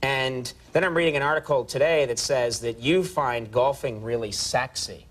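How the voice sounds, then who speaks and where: A man's voice: medium pitch, moderate pace, fairly bright tone. A man in his thirties hosting a late-night television talk show, bantering with a guest in a joking, mock-innocent way. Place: television studio with live audience.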